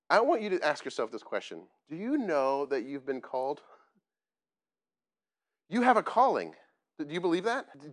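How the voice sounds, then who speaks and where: A man preaching a sermon as pastor, plain-spoken and self-deprecating, often asking the congregation questions. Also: mid-range voice. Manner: conversational, asks the congregation questions.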